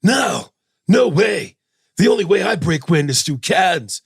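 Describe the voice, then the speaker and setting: A man doing a high, dazed laid-back movie star. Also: big pitch swings, a little slow, creaky, slightly rough, no room sound, clean studio sound, heavily acted.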